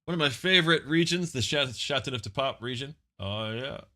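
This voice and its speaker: Bright-voiced joking male podcast host. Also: mid-range voice, animated, brisk. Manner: loose, joking, swears freely. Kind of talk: casual live podcast banter.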